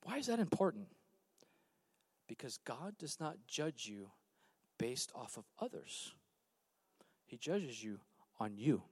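A man preaching a sermon as pastor on a church stage, swinging from hushed, low passages to loud emphatic calls out to the congregation. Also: very animated, slow pace, long pauses, husky, dry recording.

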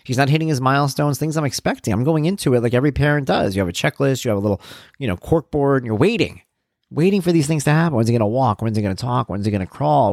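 A man's voice: mid-range voice, gravelly, a little mellow, dry recording, clean studio sound. A man hosting a show, talking casually and rambling about parenting and his blog. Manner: conversational, rambling, self-deprecating. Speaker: podcast host and parenting blogger. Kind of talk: casual monologue.

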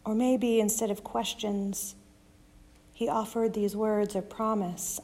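A woman preaching a sermon in a dramatic style, dropping often to soft whispers. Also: mid-range voice, flat delivery, slow pace. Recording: long reverb of a large hall.

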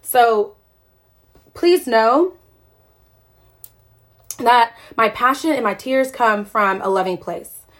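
Woman, high voice, passionate phone-livestream rant with a stream of rhetorical questions. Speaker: network marketer hosting a live video.

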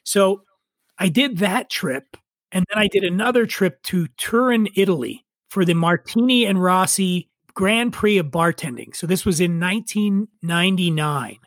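Middle-aged man with a high voice: a drinks writer spinning loose, profane stories with self-mocking laughs, recorded dry and close. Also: normal speed, no echo. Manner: animated, swears freely, laughs at himself. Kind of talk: casual interview storytelling.

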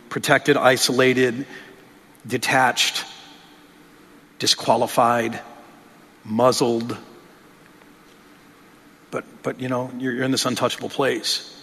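A man's voice: mid-range voice, a bit bright. A male pastor preaching a sermon in an earnest, conversational way, often restarting his phrases. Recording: long reverb of a large hall.

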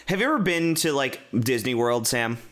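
A man's voice: mid-range voice, moderate pace. A man in casual podcast chat, telling rambling, profane stories with lots of fillers and restarts. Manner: rambling, profane, animated storytelling with many fillers.

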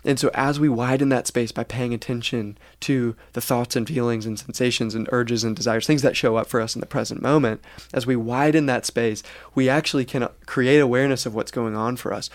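Male podcast co-host, earnest explainer, mid-pitched, dead-dry booth sound. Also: fairly even intonation, brisk, no room sound. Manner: earnest, explanatory, acts out quoted reactions. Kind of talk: reflective faith podcast talk.

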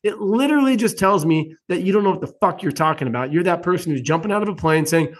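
A man hosting a casual interview, talking bluntly and swearing freely. His voice sits a little high. He keeps slipping into mocking quotes of other people to press his point. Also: fast, few pauses. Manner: blunt, profane and animated, jumps into mock quotes. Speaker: podcast host.

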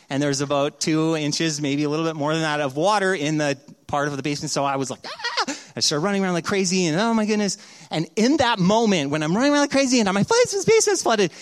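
A middle-aged male pastor preaches a sermon, telling stories with animation and acting out the voices as he drops from loud to hushed. His voice is on the high side.

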